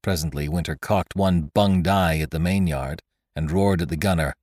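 Deep-voiced male storyteller. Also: normal speed, a little mellow, no room sound, studio quality. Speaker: podcast narrator. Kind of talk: audiobook narration of an adventure story.

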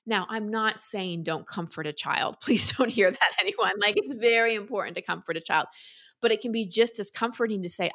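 An earnest woman speaks as a guest in an interview, explaining in a calm, teacherly way. She slips into quoted voices to illustrate her points. Her voice sits at a mid pitch. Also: normal speed. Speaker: guest, emotional wellness teacher. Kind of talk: conversational interview answer.

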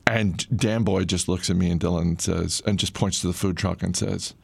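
Middle-aged male storyteller, low and gravelly, dry close sound, laid-back anecdote delivery. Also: normal speed, no room sound. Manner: relaxed, conversational, frequent "uh" fillers. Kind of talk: casual personal storytelling.

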